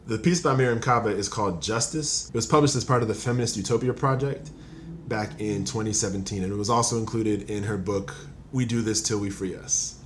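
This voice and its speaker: A man hosting a podcast, speaking in a calm and measured way as he answers his guest. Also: lowish voice, slight background noise. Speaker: podcast host. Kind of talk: casual chat.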